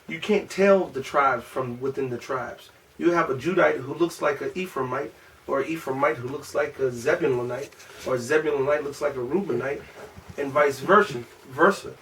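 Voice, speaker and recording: A man's voice: mid-range voice, a bit bright. A man teaching an informal class, talking in a loose, rambling way with many restarts, picked up by a camera across the room. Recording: distant from the mic, faint room noise.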